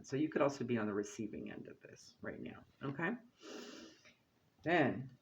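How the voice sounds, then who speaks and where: A man's voice: medium pitch, big pitch swings, normal speed, vocal fry, pauses often, lo-fi sound. A man giving a casual oracle card reading, who chats along and keeps checking in with "okay?" and "right?". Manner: chatty, asks "okay?" and "right?" often.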